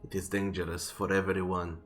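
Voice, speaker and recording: A man doing a hushed grave lizardfolk elder. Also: flat delivery, faint music behind, natural voice. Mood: grave warning. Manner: slow, low and hushed. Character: soft-spoken lizardfolk elder, grave and cautious.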